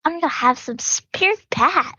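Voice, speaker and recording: Woman, tabletop player, high pitch, bright, slow, dry muffled sound. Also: expressive, no room sound. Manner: giggly, playful. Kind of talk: describing her character in a tabletop game.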